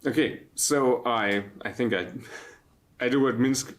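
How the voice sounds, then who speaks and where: A man's voice: mid-range voice, a little slow. A man playing a tabletop game, speaking hesitantly and restarting his sentences. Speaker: player.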